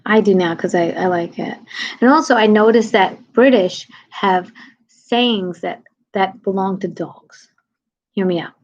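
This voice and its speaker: Chatty New woman livestreaming, husky. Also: mid-range voice, moderate pace, muffled recording. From New York City. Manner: animated, chatty, drops to whispers for asides. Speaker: comedian livestreaming to viewers. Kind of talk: casual livestream chat.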